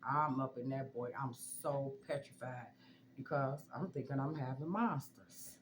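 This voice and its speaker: Young woman, low voice, animated storyteller. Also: a little slow, slight background noise. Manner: animated, leaps high when quoting herself. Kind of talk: casual storytime.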